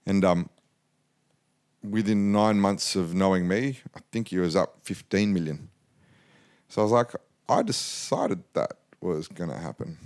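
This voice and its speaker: Businessman guest in his forties from Australia, low voice, animated anecdotal delivery. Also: a little slow. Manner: animated anecdotal, acts out quotes. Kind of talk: casual storytelling interview.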